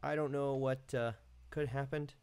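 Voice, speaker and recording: A man hosting a casual live stream, talking in a relaxed, rambling way with lots of fillers, from home. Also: medium pitch, moderate pace.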